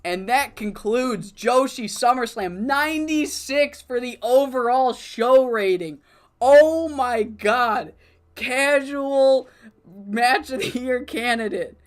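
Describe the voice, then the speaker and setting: Slow-talking, foul-mouthed male game streamer. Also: very high voice, clean tone. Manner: swears freely, thinks out loud. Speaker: streamer running a wrestling promotion game. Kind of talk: casual let's-play commentary.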